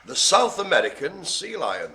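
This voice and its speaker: High, lively British bingo host. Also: male voice, normal speed, roomy sound. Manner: jokey, hammy compere with playful banter. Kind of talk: live comic bingo calling.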